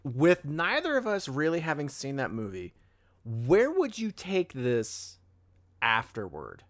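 A man's voice: a little high, slow pace. A young man co-hosting a casual movie podcast, rambling and correcting himself as he talks. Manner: rambling, self-correcting, animated when excited. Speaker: podcast co-host.

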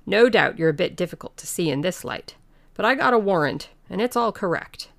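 A woman's voice: on the low side, expressive, fairly quick, creaky. A woman voicing a stolid village constable who speaks bluntly and plainly in an audiobook reading. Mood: dogged. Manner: blunt, rustic.

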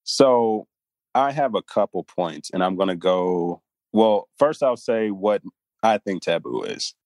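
A man's voice: on the low side, animated, measured pace, a little mellow, no echo. A man co-hosting a podcast in casual chat, easygoing, thinking aloud and laughing often. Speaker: podcast co-host.

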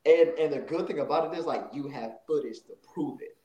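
A man's voice: fairly high pitch, a little fast, warm tone. A man in casual chat, laid-back and slangy, who keeps saying "bro". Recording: echoey room.

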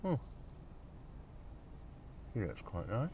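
A man's voice: on the low side, wildly swooping pitch, slow, vocal fry, a little mellow. A man grumbling and swearing to himself while driving in traffic, with wry asides. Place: inside a car in traffic. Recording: road and engine noise in car.

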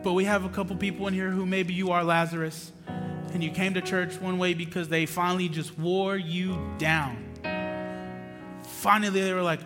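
A pastor preaching a passionate sermon in a church, moving between loud emphatic bursts and quiet asides. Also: male voice, high voice, level tone, moderate pace. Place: church sanctuary. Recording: long hall reverb with music underneath. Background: music playing under the preaching.

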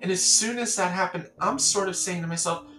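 A songwriter from the Catskills in New York tells stories in a relaxed interview, bringing the people in them to life by acting out their voices. Her voice sits on the lower side and moves fairly quickly. The audio is poor and echoey, with soft music playing in the background.

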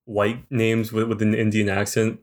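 A man's voice: fairly low pitch, completely flat delivery, normal speed, a little mellow. Joking young man in casual banter. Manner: joking, laughs often, riffs on friends. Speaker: friend in group chat. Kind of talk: casual chat.

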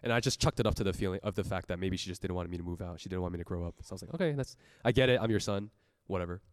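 Young man, low voice, smooth and clear, earnest sermon testimony, laughs often, dry sound. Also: very fast, no echo. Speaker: church speaker giving a testimony.

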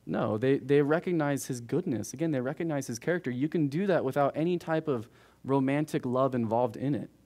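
A man's voice: medium pitch, fairly quick, dark tone. A man teaching verse by verse through a book of the Bible to his congregation, talking casually and checking in with frequent asides to the room. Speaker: pastor. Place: church.

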